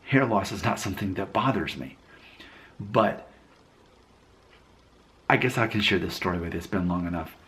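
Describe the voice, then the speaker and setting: A man in his thirties from Alabama, talking to camera in a reflective, rambling way, often correcting himself as he tells a personal story. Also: low voice. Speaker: vlogger. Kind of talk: casual storytelling vlog.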